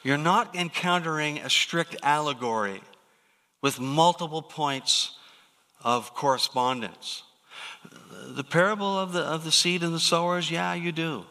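Male pastor mid-sermon, forceful and bright, pushes key words hard, echoing sanctuary. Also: a little high, measured pace. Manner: emphatic preaching, rising to stressed peaks.

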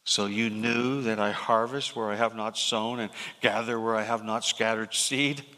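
A man reading the part of a stern, angry master who scolds a lazy servant, in a slow, grave and weighty way. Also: lowish voice, steady tone, pushed and bright, in a large hall, voice pushed down.

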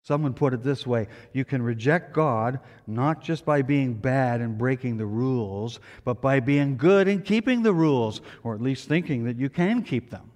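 A male pastor delivers a storytelling sermon at a mid-range pitch. He builds to emphatic, raised peaks, then sinks to hushed, low appeals. His voice rings out with the long reverb of a church hall. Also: moderate pace, hardly any pauses.

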